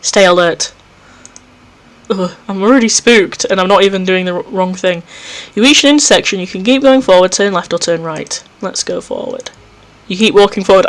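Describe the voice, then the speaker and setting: Male let's play host, reads horror game narration aloud, easily spooked, quick self-mocking asides. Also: sits high, fairly bright tone. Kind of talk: reading a visual novel aloud with commentary. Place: home recording setup.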